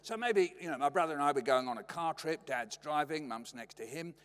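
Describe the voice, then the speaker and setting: Animated older British man telling stories. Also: fairly high pitch, a little fast. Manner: playful, acts out family voices. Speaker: guest lecturer. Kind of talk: humorous storytelling lecture. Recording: long reverb of a lecture hall.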